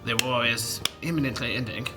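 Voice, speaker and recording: A man's voice: medium pitch, brisk, over music, voice pushed down, lightly acted. A man putting on the voice of a pompous old British wartime statesman, speaking in grandiose, stiffly formal phrases. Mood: solemn.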